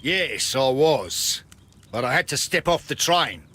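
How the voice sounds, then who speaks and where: A man's voice: medium pitch, lively intonation, a little slow, bright, forceful tone, slightly rough, heavily acted. A man voicing an irritable, wealthy male businessman and engineer with an Australian accent in a video game. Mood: explaining. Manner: impatient, complaining, brusque.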